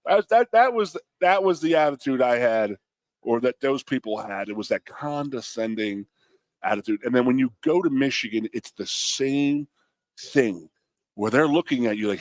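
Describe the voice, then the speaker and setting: A man's voice: medium pitch, animated, moderate pace, no echo. A man co-hosting a sports radio show, telling blunt stories in casual banter. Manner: gruff storyteller, mimics voices, blunt. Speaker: co-host, former college football lineman.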